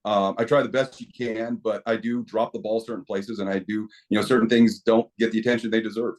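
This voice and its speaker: Lively middle-aged man with a low voice. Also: fairly quick. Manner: animated storytelling with many restarts. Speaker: podcast guest, equipment company owner. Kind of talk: casual interview talk.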